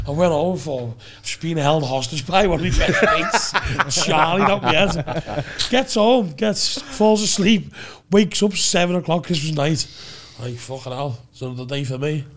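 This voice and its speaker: A man's voice: a little high, moderate pace, hardly any pauses. A man with a Scouse accent, telling long rambling stories in casual chat with lots of swearing and restarts. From Liverpool, England. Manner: rambling storytelling, heavy swearing, many restarts. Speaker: podcast guest.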